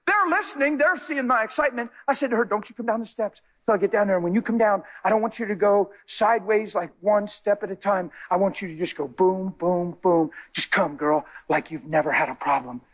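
A male preacher telling a story in a sermon, excitable, jumping between loud high bursts and low quiet asides. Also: brisk, lo-fi sound. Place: church.

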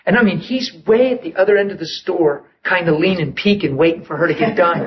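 A man preaching a storytelling sermon, animated, acting out the lines of people he met. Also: sits high, moderate pace, a crowd in the background. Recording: dull lo-fi recording, faint ambience.

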